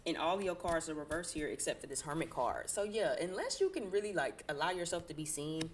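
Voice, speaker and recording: A woman's voice: deep voice, big pitch swings, fast, slight background noise. A woman giving a casual tarot reading, talking in a blunt, preachy and colloquial way and swearing now and then. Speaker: tarot reader.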